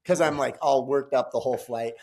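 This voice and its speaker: A middle-aged man telling a story in a casual, animated way, swearing and acting out the quotes loudly. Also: medium pitch, fairly quick. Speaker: podcast guest, gym founder.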